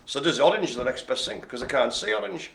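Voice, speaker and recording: A man calls bingo with plenty of bouncy, swooping pitch. His voice is bright and forceful, and he keeps drifting into jokey asides with a helper. It sounds like casual live-stream banter. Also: animated, fairly quick, creaky. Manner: jokey and rambling, talks to a helper off-mic. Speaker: bingo caller and host.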